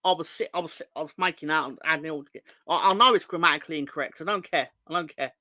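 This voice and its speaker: A man's voice: fairly high pitch, racing, sharp tone, no echo. A young man hosting a fan channel live stream, bantering with the chat in a rambling, jokey, sweary way.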